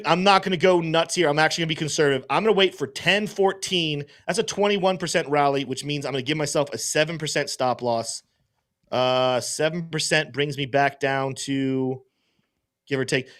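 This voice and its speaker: A man hosting a casual livestream, thinking aloud and rambling as he works through things. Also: on the high side. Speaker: host and trader.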